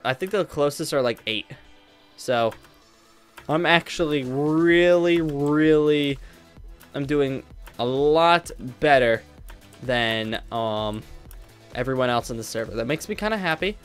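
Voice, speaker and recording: With a smooth, fairly bright mid-range voice, a young man who makes gaming videos comments on his play, muttering and occasionally snapping in frustration. Faint game music can be heard behind him.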